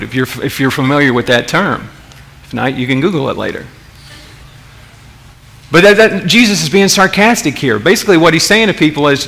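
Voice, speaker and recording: A man's voice: a little high, expressive, normal speed, sharp tone. A man preaching a sermon as pastor, conversational, with rhetorical questions and frequent restarts. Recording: long reverb of a large hall.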